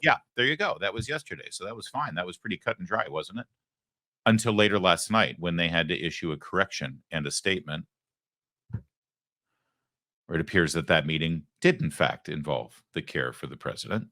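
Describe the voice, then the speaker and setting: Male commentary host, mocking and sarcastic, swoops up and down in pitch. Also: lively intonation, a little fast, sharp tone, no room sound, clean studio sound. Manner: sarcastic, mocking, acts out quoted voices. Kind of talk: opinion monologue.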